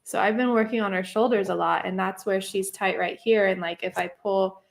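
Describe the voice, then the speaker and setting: A woman's voice: medium pitch, fairly even intonation, moderate pace, gravelly. A woman telling a personal story in a casual interview, chatty, laughing often and using lots of fillers. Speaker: guest.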